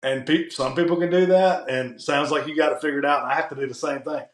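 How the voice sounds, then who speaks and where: A man's voice: fairly high pitch, steady tone, fast, roomy sound. A man from Alabama with a Southern US accent, chatting easily on a podcast about barbecue. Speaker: barbecue content creator. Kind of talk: casual chat.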